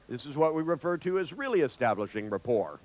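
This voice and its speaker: A man telling an anecdote in a lecture, acting out the voices with big jumps in pitch, swearing now and then and laughing at his own tale. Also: poor audio. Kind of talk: storytelling in a lecture.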